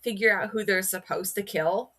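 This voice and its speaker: A woman's voice: medium pitch, moderate pace, sharp tone. A woman co-hosting a book podcast in casual chat, talking with many "like" fillers. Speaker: podcast co-host.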